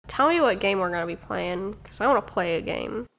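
A woman's voice: medium pitch, lively intonation, brisk, creaky, a bit bright. A woman hosting a casual podcast, bantering, laughing often and swearing freely. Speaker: podcast host.

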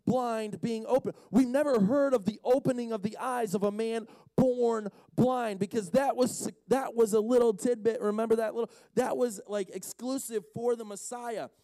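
A man giving a casual, storytelling sermon, animated and slangy, acting out the characters as he retells the story. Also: very high-pitched, normal speed, few pauses, dry recording. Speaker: speaker at a Friday night session.

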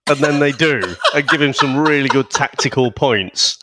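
A man co-hosting a casual film podcast, retelling scenes in a relaxed, chuckling way. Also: medium pitch, normal speed, background noise. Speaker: podcast co-host.

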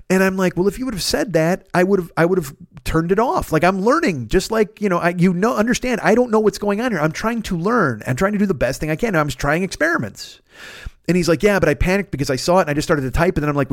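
A man hosting a podcast, telling a long story in a profane, rambling, animated way. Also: a little high, fast, no room sound, studio quality. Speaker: podcast host. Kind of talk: casual storytelling monologue.

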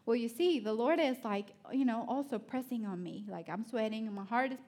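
A woman giving a sermon, telling personal stories in an animated way with laughter and soft, prayerful asides. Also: on the high side, fairly quick. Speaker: speaker at a church.

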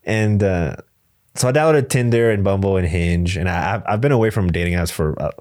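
A man co-hosting a podcast, chatting casually, animated and laughing often. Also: sits low, fairly quick. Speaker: podcast co-host. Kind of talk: casual chat.

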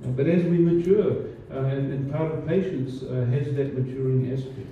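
A man's voice: medium pitch, normal speed, a little hiss or hum. A man preaching a sermon as pastor, talking in a conversational way with many fillers and restarts. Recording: distant, roomy, dull church recording.

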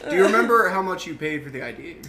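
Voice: medium pitch, lively intonation, very fast. A co-host chatting casually, reacting with laughs and swearing. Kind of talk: casual podcast chat. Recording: echoey room with crowd noise.

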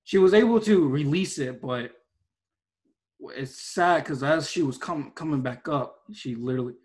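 A man's voice: fairly high pitch, moderate pace, darkish tone. A man casually reviewing anime episodes with a co-host, rambling and restarting his sentences often. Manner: rambling, hesitant, many restarts and fillers.

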